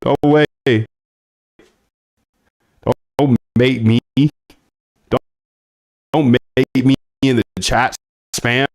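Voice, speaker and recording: A man's voice: mid-range voice, steady tone, very slow, long pauses, dry recording. A man streaming while he codes, talking to himself and his chat in a slangy, casual way and calling everyone dude. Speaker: streamer coding a trading bot. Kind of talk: casual live-stream self-talk.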